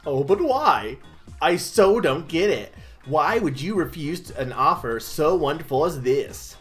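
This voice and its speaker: A man's voice: on the high side, lively intonation, unhurried, a bit bright, soft background music. A man reading aloud as a ditzy, flighty young woman villain from a game, in a gushing singsong manner. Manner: gushing, singsong, airheaded phrasing.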